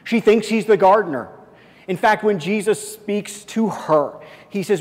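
A male pastor preaching a sermon, moving between rising, fervent passages and hushed, intimate ones. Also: high voice, unhurried, in a large hall. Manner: impassioned preaching, swinging between loud and hushed.

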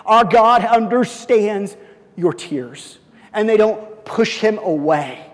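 A male pastor preaching a sermon, moving between rising, fervent passages and hushed, intimate ones. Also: sits high, animated, slow, big-room sound. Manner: impassioned preaching, swinging between loud and hushed.

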